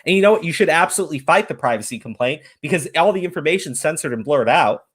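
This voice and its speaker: A man hosting a heated casual commentary, swearing freely as he rants. His voice swings widely in pitch, jumping up sharply whenever he is incredulous. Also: lively intonation, quick pace, fairly bright tone, husky. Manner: profane, ranting, incredulous outbursts. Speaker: podcast host.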